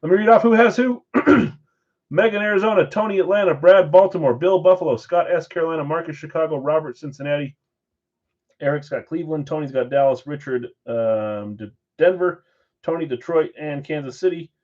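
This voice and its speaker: A fairly high-voiced man hosts a live-stream card break, rattling off names and assignments in a brisk roll call. He drops casual chatty asides between the calls. The sound is dull and lo-fi, like stream audio. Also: darkish tone.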